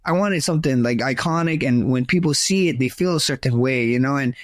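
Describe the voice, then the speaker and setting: A man's voice: mid-range voice, brisk, no room sound, studio quality. A man talking casually as a guest on a podcast, acting out quotes and saying "bro" and "like" all the time. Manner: animated storyteller, acts out quotes; says "bro" and "like" often. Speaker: guest fighter.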